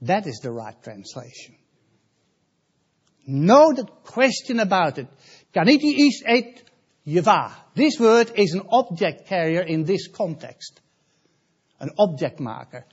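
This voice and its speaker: A male preacher with a high, lively voice who speaks slowly and emphatically, repeating key words and asking his congregation questions. The recording sounds dull and lo-fi. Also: slightly rough. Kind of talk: sermon.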